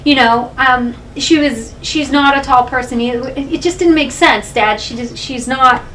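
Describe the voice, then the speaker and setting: A middle-aged woman from Massachusetts giving an animated talk about her own life at a library, recorded from a distant room mic. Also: sits high, unhurried, slight background noise. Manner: animated storyteller, often laughing. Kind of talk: personal storytelling talk.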